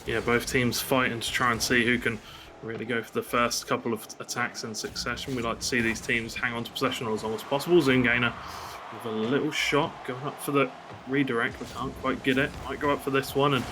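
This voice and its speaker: An English man with an English accent casting a live esports match in a measured, formal way. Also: medium pitch, flat delivery, background noise. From England. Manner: measured, dry, formal phrasing. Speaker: esports caster.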